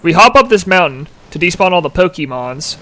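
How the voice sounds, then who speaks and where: A man's voice: sits high, very animated, fairly quick, bright, forceful tone. A man in his twenties streaming a game live, chatting casually, giggling and answering chat aloud. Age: 20s. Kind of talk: casual gameplay commentary.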